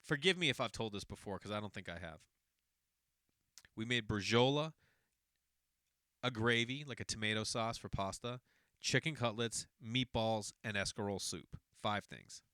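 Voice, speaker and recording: Bright, clear-voiced man telling a rambling story. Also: on the low side, normal speed, long pauses, no room sound, clean studio sound. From Boston area. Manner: rambling, self-correcting, conversational. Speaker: podcast host. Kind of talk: casual storytelling monologue.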